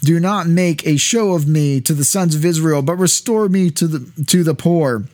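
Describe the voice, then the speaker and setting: A man's voice: a little high, normal speed, a little mellow, no echo, studio quality, voice pushed up, lightly acted. A man reading aloud as a doubting woman who pleads with God, in an earnest, slightly raised voice. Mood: pleading.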